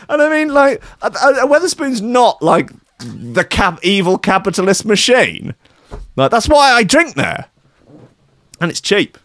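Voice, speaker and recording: A man's voice: on the high side, fairly bright tone, no room sound, studio quality. A man hosting a casual chat show, sarcastic and chatty, laughing often. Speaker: radio show host.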